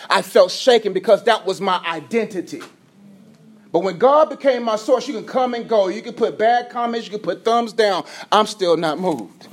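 A man gives an energetic sermon as a pastor in a high-pitched voice. He goes from loud to hushed, and sometimes he stutters and trips over his words.

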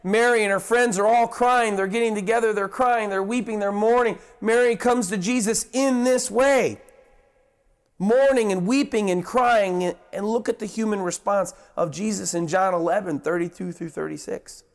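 Male preacher, high-pitched, emphatic, repetitive list-style delivery. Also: steady tone, moderate pace. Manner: emphatic, repeats words in long lists; restarts and corrects himself. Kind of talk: sermon.

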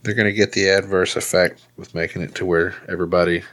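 Deep-voiced crude man. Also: flat delivery, fast talker, fairly bright tone. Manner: crude, rambling, joking. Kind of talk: casual podcast chat.

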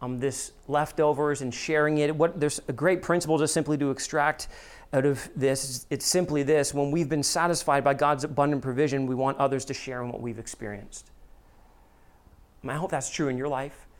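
A pastor preaching a sermon, who acts out quoted voices in a higher pitch and drops to a soft, low voice for earnest appeals. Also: steady tone, moderate pace.

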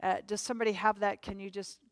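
A woman's voice: mid-range voice, level tone, fast talker. Conversational woman teaching a Bible study. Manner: conversational, asks congregation to read aloud. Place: church meeting.

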